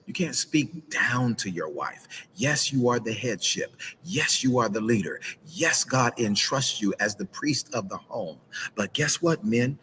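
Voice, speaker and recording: A man coaching couples in a lively, preacher-like way on a live stream, speaking into a phone outdoors by a pool. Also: medium pitch, a little slow, slight background noise, rough recording. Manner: animated preacher-like delivery with church phrasing. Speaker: relationship coach. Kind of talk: live-streamed advice talk.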